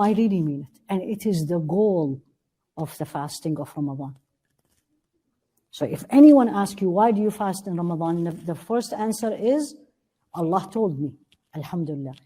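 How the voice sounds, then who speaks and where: Woman giving a religious class, mellow voice, earnest, asks the room questions. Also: on the low side, husky. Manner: recites Arabic verses quickly. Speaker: religious teacher.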